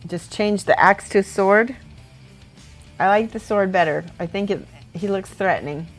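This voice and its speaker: A woman hosting a casual livestream, chatting warmly and encouragingly as she critiques painted miniatures and laughs often. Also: medium pitch, moderate pace, soft background music. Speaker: miniature painting host and teacher.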